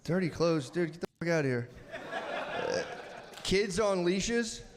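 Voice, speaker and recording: A man's voice: fairly high pitch, animated, takes it slowly. A man doing crude stand-up crowd work on a club stage, brash and profane, laughing at his own jokes.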